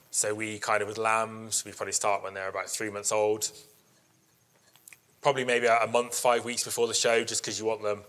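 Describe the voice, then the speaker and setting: A man, a sheep breeder, giving an informal workshop talk to an audience, chatty and quick to act out what people said, laughing often. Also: on the low side, fairly bright tone. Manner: chatty storyteller, acts out quotes, laughs often. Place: live workshop in front of an audience.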